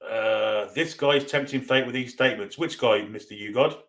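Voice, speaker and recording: A Geordie man hosts a live football watchalong, chatting away as he reads viewers' messages and answers them with easy banter. His voice sits at an ordinary middle pitch. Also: normal speed, fairly bright tone. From North East England. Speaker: fan watchalong host. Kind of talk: live stream chat reading.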